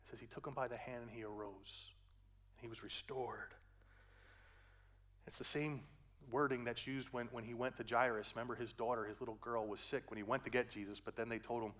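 An older man preaching a sermon as pastor, moving between hushed gentle passages and loud rising climaxes, with folksy asides. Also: mid-range voice, fairly even intonation, fairly quick.

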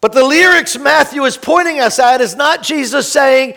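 Older male pastor, gravelly and high-pitched, slow impassioned sermon delivery. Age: 60s. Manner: impassioned, swings from soft to shouting.

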